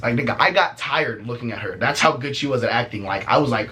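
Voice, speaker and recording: A young man casually telling a story as a vlogger, profane and animated, laughing often. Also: mid-range voice, fast, slight background noise.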